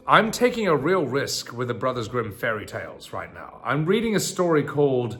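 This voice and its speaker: A man's voice: mid-range voice, big pitch swings, moderate pace, hardly any pauses, a bit bright, faint music behind. A man reading fairy tales aloud on a live stream outdoors in a backyard at night, breaking off into profane, laughing asides. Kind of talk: casual storytelling on a live stream.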